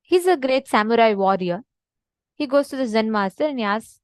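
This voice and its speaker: Woman spiritual teacher, earnest and emphatic, high voice, dry close sound. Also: lively intonation, moderate pace, darkish tone, clear, resonant tone, dry recording, poor audio. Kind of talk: devotional teaching session.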